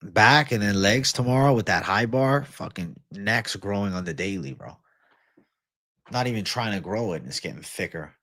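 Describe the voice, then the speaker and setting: A man's voice: lowish voice, lively intonation, normal speed, sharp tone, no echo. Livestream host, male, swears constantly, rants, dry booth-like sound. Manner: profane, ranting, reads viewer comments. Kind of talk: casual livestream Q&A.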